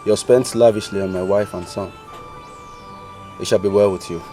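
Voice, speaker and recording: A man plays a solemn Nigerian husband in a film drama, entrusting his son to his brother. His voice is low and dark, heard from some distance, with music behind. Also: fairly even intonation, moderate pace, close to an everyday voice. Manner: solemn, earnest.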